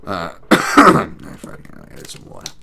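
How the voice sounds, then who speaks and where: A man hosting a casual betting podcast, profane and rambling, swinging from loud hype to low mutters. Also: measured pace. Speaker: podcast host.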